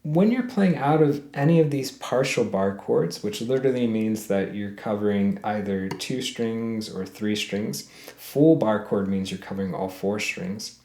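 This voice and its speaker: In a lowish, warm voice and a somewhat slow pace, a man leads a friendly ukulele lesson one step at a time. He counts the beats aloud, hums the melody, and refers to viewers as "guys." The audio has a roomy echo with ukulele playing.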